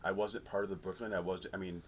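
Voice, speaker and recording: Middle-aged Midwestern man, low-pitched, rambling casual vlogger, muffled home recording. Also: little pitch movement, fast. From Milwaukee, Midwest US. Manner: rambling, many ums and restarts. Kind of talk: casual vinyl collecting vlog. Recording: dull lo-fi sound with faint rumble.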